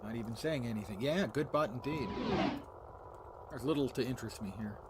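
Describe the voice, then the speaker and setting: A man's voice: medium pitch, a little fast. A man streaming a puzzle game live, reading its text aloud, muttering to himself and making dry jokes to his chat. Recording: audible background noise.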